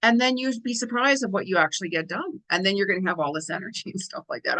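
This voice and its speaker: Talking fast in a mid-range, sharp-toned voice over poor audio, this middle-aged woman delivers a casual spiritual monologue on her astrology and tarot show. Slightly tired from missed sleep, she chats, repeats phrases and keeps dropping "you know" and "right?".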